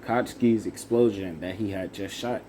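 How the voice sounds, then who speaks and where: A young man improvising a fan-fiction story out loud, halting with fillers and self-corrections. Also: fairly low pitch, a little hiss or hum.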